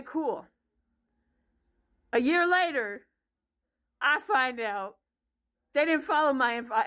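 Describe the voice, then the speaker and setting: Woman, 30s, high-pitched vlogger, blunt profane ranting storyteller. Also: a bit bright. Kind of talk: casual vlog rant.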